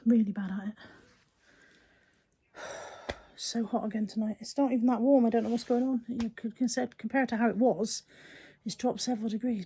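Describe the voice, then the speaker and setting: A woman's voice: fairly high pitch, steady tone, a little fast, warm tone. A woman chatting casually to camera in her home kitchen, self-deprecating and often dropping to a near whisper. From England. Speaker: vlogger. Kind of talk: casual daily vlog chat.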